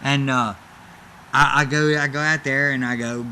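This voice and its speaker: Speaking at a normal speed in a mid-range voice, this man, a middle-aged ex-wrestler, spins stories during a relaxed interview. He's an animated storyteller who voices the other people's lines himself, and there's slight background noise.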